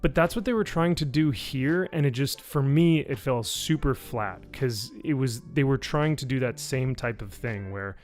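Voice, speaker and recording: A man's voice: medium pitch, moderate pace, few pauses, a little mellow, soft background music. A man giving a casual spoken review, rambling and swearing, with lots of fillers. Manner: rambling, profane, with frequent fillers. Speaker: YouTube reviewer.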